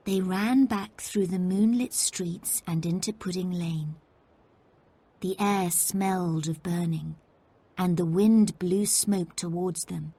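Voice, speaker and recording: A woman narrating a story for English learners, reading slowly and carefully. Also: fairly low pitch, dark tone. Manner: slow, careful, clear reading.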